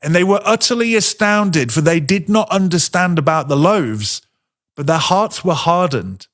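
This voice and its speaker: A man teaching a sermon in a conversational way, asking rhetorical questions and slowing down to stress his points. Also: on the high side, lively intonation, fairly bright tone.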